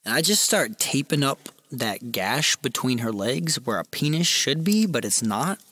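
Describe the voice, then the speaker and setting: A man telling a crude comic story on a livestream in a brash, animated way. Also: mid-range voice, measured pace, a little hiss or hum.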